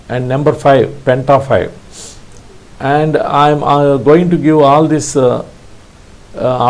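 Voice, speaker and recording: Slow guy from india walking thru morse code, lots of uh's, low mellow voice. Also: gravelly, rough recording. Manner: hesitant, many fillers and restarts, sounds out dits aloud. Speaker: ham radio instructor. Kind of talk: slow spoken tutorial.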